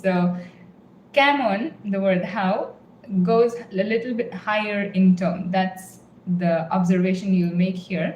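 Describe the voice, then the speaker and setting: Woman teacher, patient and methodical, repeats words slowly, roomy sound, faint room hum. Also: mid-range voice, steady tone, lo-fi sound. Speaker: language teacher. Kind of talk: language lesson, explaining and modeling phrases.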